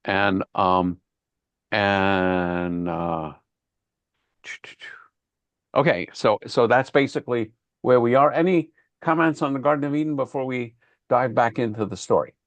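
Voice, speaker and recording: A man's voice: medium pitch, measured pace, pauses often, no echo. Dry-sounding man teaching a Bible class. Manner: thoughtful, repeats words while thinking. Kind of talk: informal online Bible class. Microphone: video call.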